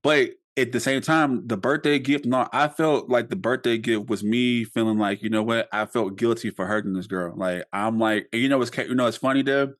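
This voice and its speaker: A man's voice: mid-range voice, brisk, few pauses. A young man hosting a podcast, talking casually and rambling with many fillers and restarts. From United States. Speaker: podcast host.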